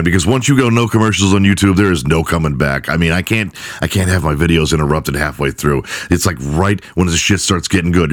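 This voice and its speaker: A man's voice: sits low, dry recording, studio quality. A man hosting a podcast, telling loose, profane stories in a casual monologue and laughing at his own jokes. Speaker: podcast host.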